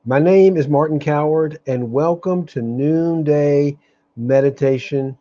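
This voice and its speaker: Earnest man, dark dull webcam sound. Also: a little high. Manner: earnest, openly angry, halting with restarts. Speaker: host of a daily live meditation stream. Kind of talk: live-streamed spiritual talk.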